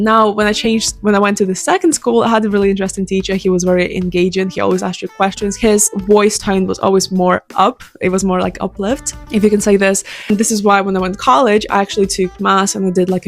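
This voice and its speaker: A young woman giving casual, direct sales coaching straight to camera, close to a microphone, with chatty filler words. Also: mid-range voice. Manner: direct, upbeat, conversational with filler likes. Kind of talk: casual talking-head advice.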